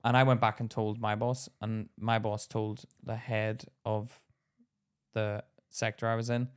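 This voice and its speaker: A man in his thirties co-hosting a casual podcast chat, an animated storyteller who acts out heated quotes loudly. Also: lowish voice, a little slow, smooth. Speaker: podcast co-host.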